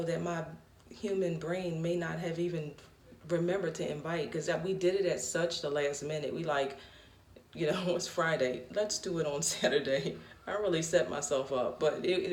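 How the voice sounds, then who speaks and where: A woman's voice: fairly low pitch, a little hiss or hum. Laughing woman telling a story in a roomy space. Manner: laughs often, animated self-talk. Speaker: vlogger. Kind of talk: casual storytelling monologue. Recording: roomy echo, a bit distant from the mic.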